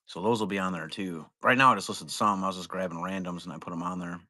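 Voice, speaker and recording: Bright-sounding dude rambling on his card stream, swears a lot, dry close sound. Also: sits low, steady tone, fast talker, no room sound. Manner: rambling, profane, laid-back. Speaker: trading card break seller. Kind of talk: casual livestream chat.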